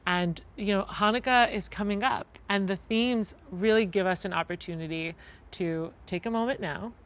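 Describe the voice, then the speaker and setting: Casting: woman with an American accent, relaxed co-host voice, easygoing and conversational, plenty of "like" and "um". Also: medium pitch, normal speed. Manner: conversational, with fillers like "like" and "um". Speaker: event co-host. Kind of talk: casual spoken presentation to a gathering.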